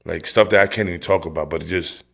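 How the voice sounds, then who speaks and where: A man in his forties giving his personal testimony as a podcast guest, telling it in a streetwise, animated way. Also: low voice, fast, creaky. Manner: animated storytelling, acting out his own past lines; streetwise, direct, says "bro" and "yo".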